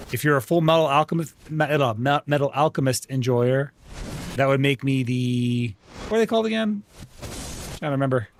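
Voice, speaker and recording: A man hosts a relaxed gaming stream, talking in a loose, rambling way full of restarts. His voice sits at an average pitch. A faint hiss runs under the recording. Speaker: streamer host. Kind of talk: casual gaming stream chat.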